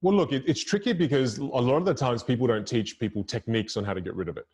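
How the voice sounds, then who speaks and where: A man's voice: medium pitch, a little mellow, husky. A man as a podcast guest explaining communication techniques in an emphatic, instructive way. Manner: emphatic, instructive, varies melody and pauses. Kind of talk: podcast interview.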